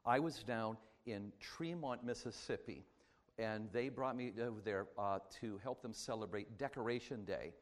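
Male traveling preacher, lowish voice, rapid and joking delivery in a church. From Pittsburgh, Pennsylvania. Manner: fast-talking, chatty and joking. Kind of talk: sermon. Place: church sanctuary.

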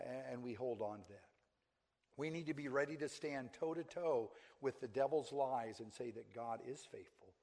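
An earnest man preaching to a congregation in an ordinary middle-pitched voice. He repeats his key phrases for emphasis and keeps checking in with a quick question to his listeners. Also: a little mellow. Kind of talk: sermon.

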